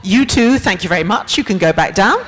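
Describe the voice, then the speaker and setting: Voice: mid-range voice, expressive, a little fast. A convention panel host running audience games on stage with a handheld mic, playful and laughing as they call out to the crowd. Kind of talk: lively stage hosting with an audience. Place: large convention hall stage. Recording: echoey hall with a live crowd and faint noise.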